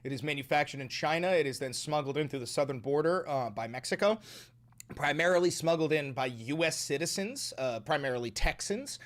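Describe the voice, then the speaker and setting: A man streaming and commenting on the news in a casual way, swearing a lot and ranting in exasperation. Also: on the high side.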